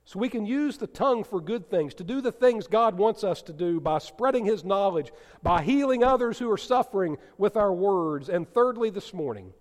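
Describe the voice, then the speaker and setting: Male pastor, sermon, high lively voice, long church reverb. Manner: animated preaching, drops to soft gentle tones for emphasis; asks the congregation questions and teases a listener. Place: church sanctuary.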